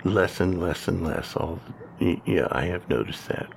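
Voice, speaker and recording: Deep gravelly man, dry podcast talk. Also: measured pace, slight background noise. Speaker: podcast co-host. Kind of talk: casual conversation.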